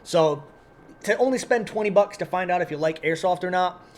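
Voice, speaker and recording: A man on a casual podcast, promoting sales and programs in a relaxed, teasing way. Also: sits high, fairly quick, slight background noise. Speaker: podcast co-host at an airsoft field.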